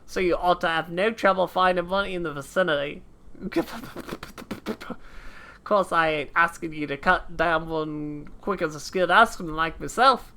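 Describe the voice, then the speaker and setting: Woman putting on a swaggering game mercenary guy, fake british accent drifting aussie, bright edgy voice, blunt and rough. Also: fairly low pitch, normal speed, few pauses, slight background noise. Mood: boastful. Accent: put-on British slipping into Australian. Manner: rough, swaggering, clipped drops like "oi" and "ain't". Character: gruff cocky male mercenary, grudging and blunt. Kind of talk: reading game dialogue aloud.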